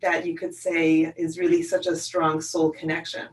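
A woman's voice: deep voice, level tone, normal speed, distant mic, rough recording. A woman organizer hosting a casual conversation, speaking in a heartfelt way about friendship.

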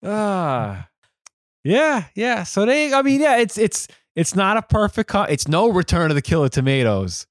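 High, lively-voiced man joking around. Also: unhurried, dry recording, studio quality. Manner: upbeat, agreeable, jokey. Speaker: podcast host. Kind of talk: casual movie-review chat.

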